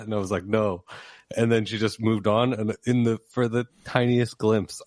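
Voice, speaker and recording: A man's voice: lowish voice, a little slow, no echo. A man hosting a podcast in casual comedic chat, telling long rambling anecdotes and laughing at his own story. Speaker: podcast host.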